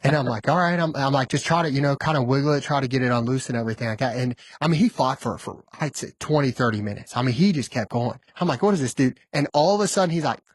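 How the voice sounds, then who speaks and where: A man's voice: mid-range voice, fast, hardly any pauses, no echo, studio quality. Easygoing man telling stories. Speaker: podcast guest. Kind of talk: casual chat.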